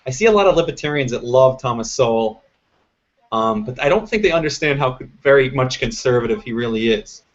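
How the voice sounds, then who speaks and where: A man's voice: mid-range voice, animated, a little fast. A man hosting a casual political chat over a video call, talking in an emphatic, opinionated way. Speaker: host. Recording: dull lo-fi call audio.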